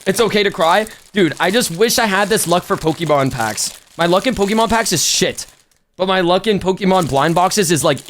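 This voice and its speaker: A young man live-streaming a haul and unboxing, chatting excitedly with his viewers. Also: high voice, a little hiss or hum. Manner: excitable, talks to chat.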